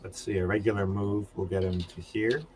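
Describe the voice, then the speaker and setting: A man playing a tabletop game, measured and thinking aloud with pauses. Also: lowish voice, level tone, darkish tone, a little hiss or hum. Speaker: player. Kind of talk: casual tabletop play.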